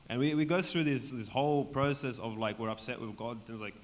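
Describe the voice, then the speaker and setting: A man leading a Bible study for a group in a church hall, talking conversationally and often checking in with "right?", his voice going hoarse. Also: mid-range voice, fairly quick. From Australia. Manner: conversational, keeps asking "right?". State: voice going hoarse, clearing throat. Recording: long hall reverb, faint background noise.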